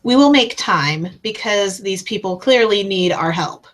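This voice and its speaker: Hesitant, slow-talking woman player. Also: medium pitch, animated. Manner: hesitant, with fillers and restarts. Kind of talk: tabletop game play.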